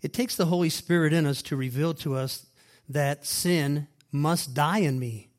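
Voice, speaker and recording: A man preaching a sermon, reading scripture aloud and explaining it with emphatic repeated phrases, loud stresses and quiet asides. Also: on the high side, measured pace. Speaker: pastor.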